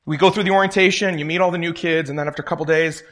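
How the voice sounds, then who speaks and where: This is a young man preaching a sermon, his voice sitting a little higher than most men's. He talks casually and tells stories, slipping into the voices of the people he quotes. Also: steady tone, very fast, a bit bright.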